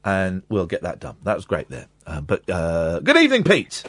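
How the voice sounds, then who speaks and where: A man's voice: low voice, fairly even intonation, normal speed, dry recording. A man hosting a late-night radio phone-in, talking casually and jokily, with mock-sincere readings. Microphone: studio microphone.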